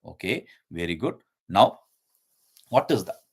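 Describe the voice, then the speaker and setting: A man's voice: deep voice, big pitch swings, a little slow, slightly rough. A man teaching a lesson and commenting on a scripture verse by verse, explaining at length with frequent fillers and repeated key terms.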